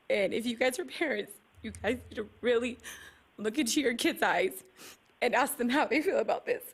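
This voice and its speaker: A woman giving an earnest, emotional public comment as a parent at a county meeting, speaking into a podium microphone. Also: mid-range voice. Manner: earnest and emotional, slightly shaky. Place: county commission meeting room.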